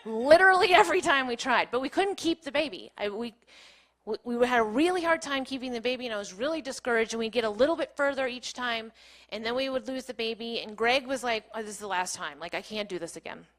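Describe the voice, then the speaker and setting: Woman speaker in her thirties, slightly high voice, candid and chatty storytelling, laughs often. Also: fast, a bit bright. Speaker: keynote speaker. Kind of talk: personal storytelling talk. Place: small playhouse stage.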